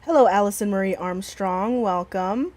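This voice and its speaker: A woman's voice: mid-range voice, normal speed, a little mellow. A woman hosting a stream in casual chat, blunt and profane, rambling with many restarts. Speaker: stream host.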